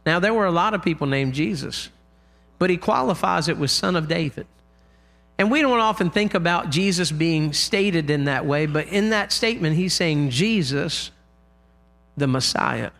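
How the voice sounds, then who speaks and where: A man preaching a sermon in a church, impassioned, loudly crying out the lines he quotes. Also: a little high, lively intonation, moderate pace, gravelly.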